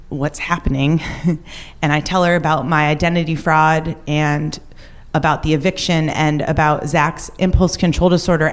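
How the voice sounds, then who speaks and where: Candid woman telling a live story. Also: lowish voice. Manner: candid, confessional, conversational. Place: stage at a live show.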